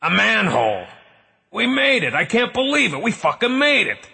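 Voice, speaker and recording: A man's voice: on the low side, a little slow, fairly bright tone, slightly rough, big-room sound. A man voicing a tough, blunt male police officer who gives curt orders and swears freely. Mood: elated.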